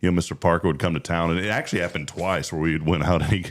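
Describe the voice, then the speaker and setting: A man hosting a morning radio show, telling stories in quick, animated bursts and laughing often. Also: deep voice. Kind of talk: casual radio chat.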